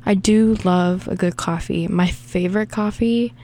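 A woman's voice: lowish voice, unhurried, warm tone. Chatty Southern woman radio DJ. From American South. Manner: rambling, chatty, self-deprecating. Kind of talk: casual radio DJ chat between songs.

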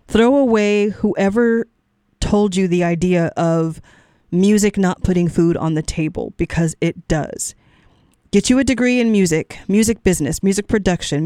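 A woman's voice: lowish voice, mellow, clear, resonant tone, no room sound, studio quality. A middle-aged woman hosting a radio music show, talking casually between songs in a chatty, encouraging way that sometimes wanders off track. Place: radio studio. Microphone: studio microphone.

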